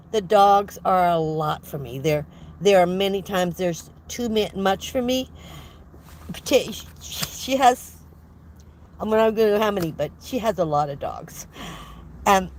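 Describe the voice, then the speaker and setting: A woman's voice: mid-range voice, a little hiss or hum. An older woman chatting casually on a livestream from her van, congested with a head cold, rambling and laughing often as she greets viewers. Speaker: van life vlogger hosting a livestream.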